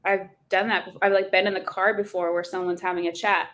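A woman's voice: mid-range voice, flat delivery, quick pace, fairly bright tone. A young woman chatting casually on a podcast, telling travel stories and laughing often. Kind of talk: casual chat.

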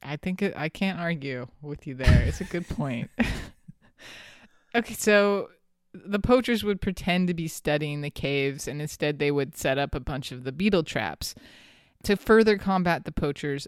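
A podcast host recounts a story in casual chat, animated and often laughing. The voice is smooth and clear, recorded dry and close. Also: mid-range voice, measured pace, no echo.

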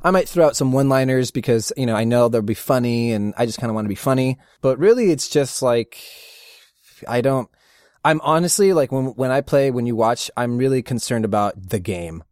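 A middle-aged man, a voice actor, chatting casually as an interview guest and telling rambling, animated stories with frequent laughs. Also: mid-range voice, fairly quick, dry recording, clean studio sound. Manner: rambling, animated storyteller who laughs often. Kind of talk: casual anecdotal chat.

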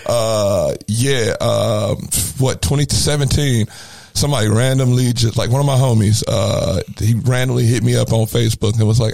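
A young man from Illinois with a gravelly, fry-edged voice at a middle pitch. He is a rapper guest telling stories in a slangy, animated way and acting out the lines of others. He speaks loosely and casually. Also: normal speed. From Granite City, Illinois, USA. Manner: animated, slangy, acts out quotes. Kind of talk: casual storytelling interview.

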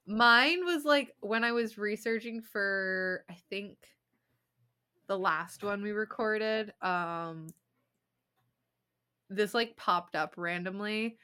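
A woman's voice: medium pitch, slow pace, bright, forceful tone, smooth. A young woman co-hosting a podcast in casual chat, rambling with lots of fillers and giggles. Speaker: podcast co-host.

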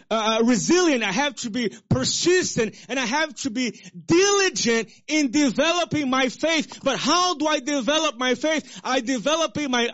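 A male pastor preaching a sermon with call-and-response to the congregation, swinging between loud exhortation and soft low asides. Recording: dull lo-fi sermon recording.

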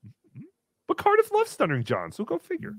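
A man in his thirties hosting a livestream, reading donations and joking around in a casual, animated way. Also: very high voice, a little fast, no echo. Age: 30s. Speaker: livestream host.

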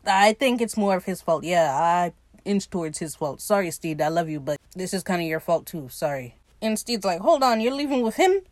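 A woman's voice: fairly low pitch, no echo. A woman casually recapping a TV episode, swearing freely and briefly acting out the characters' lines. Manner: animated, swears freely, acts out quotes in quick voices. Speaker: recap podcaster.

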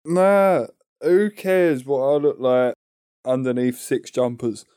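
A man's voice: mid-range voice, expressive, slow, dark tone, smooth, no room sound, studio quality. A young man with a London accent, co-hosting a podcast in laid-back, slangy banter. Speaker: podcast co-host. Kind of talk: casual chat. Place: small back room at home.

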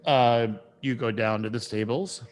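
A man running a tabletop game as game master, narrating with hesitant pauses and many fillers. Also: medium pitch, faint music behind.

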